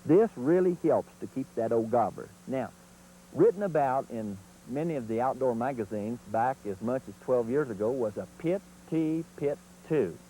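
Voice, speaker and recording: Man, turkey calling instructor, folksy plain-spoken delivery, lively pitch, mellow tone. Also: normal speed, slight background noise, rough recording. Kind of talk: instructional video demonstration.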